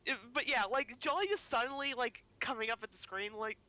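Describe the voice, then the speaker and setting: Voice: high voice, brisk, bright, forceful tone, dry recording, rough recording. Rambling young adult stream guest. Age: 20s. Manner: rambling, many fillers. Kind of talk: casual livestream chat.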